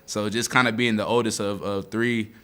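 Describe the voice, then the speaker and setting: Young male athlete, twenties, deep steady voice, casual speech, holding back tears. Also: normal speed. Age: 20s. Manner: choked up, near tears, heartfelt; casual speech, says "man" often. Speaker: college football player. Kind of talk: emotional postgame interview.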